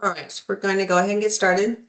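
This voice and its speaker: A woman's voice: medium pitch, level tone, fast talker, a bit bright. A woman moderating a webinar over a video call, welcoming attendees politely with some ums. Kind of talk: webinar introduction.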